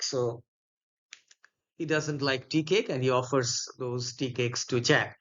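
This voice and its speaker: A man explaining a play in a literature lecture, halting and pausing with many fillers. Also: mid-range voice, fairly even intonation, a bit bright, dull audio. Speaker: literature teacher.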